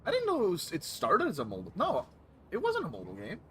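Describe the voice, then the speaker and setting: A man's voice: high voice, huge pitch swings, fast, a bit bright, slight background noise. A man streaming a game, chatting casually with his viewers, correcting himself and reacting to their comments.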